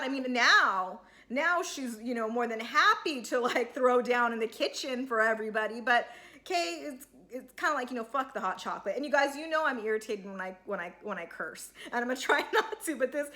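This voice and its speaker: A woman's voice: fairly high pitch, lively intonation, brisk, bright, forceful tone. A woman giving a casual, heated recap of a reality show, chatty and full of filler words.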